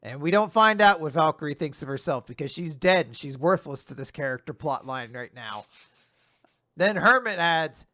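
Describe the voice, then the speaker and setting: A man's voice: on the high side, normal speed, dry recording, studio quality. A man co-hosting a podcast in casual chat, recapping a story and hamming up the quoted characters' lines. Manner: animated, hammy voices for quoted characters. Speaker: podcast co-host.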